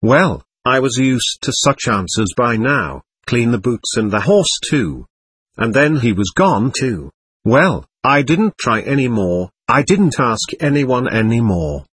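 A man's voice: mid-range voice, big pitch swings, measured pace, a bit bright, slightly rough, no room sound. A man reading a first-person story aloud in a plaintive, earnest way. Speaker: narrator.

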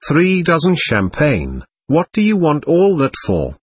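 A man's voice: a little high, wildly swooping pitch, measured pace, slightly rough, no echo, voice pushed up, heavily acted. A man voicing a stern, sturdy young male official who speaks insistently and reproachfully in a storybook reading.

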